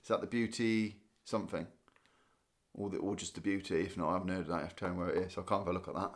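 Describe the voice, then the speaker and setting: A man from Guernsey hosts a relaxed live stream, tired from a sleepless night. His voice sits somewhat low, and he chats loosely, thinking aloud and trailing off. He keeps it casual and conversational as he answers viewers. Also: rapid-fire. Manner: chatty, rambling, thinks aloud with restarts and small laughs. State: tired, yawning. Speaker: livestream host. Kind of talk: casual live chat reading viewer comments.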